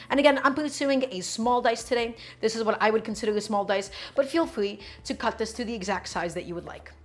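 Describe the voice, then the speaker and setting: A woman streaming as she cooks, chatting casually, explaining her knife work and answering viewers' questions as she chops. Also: on the high side. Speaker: cooking streamer. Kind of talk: live-stream cooking chat.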